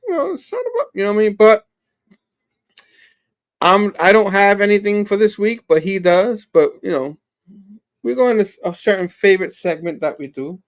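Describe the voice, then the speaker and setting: A man co-hosting a casual podcast chat, laid-back and jokey, his voice going hoarse. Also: high voice. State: losing his voice. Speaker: co-host.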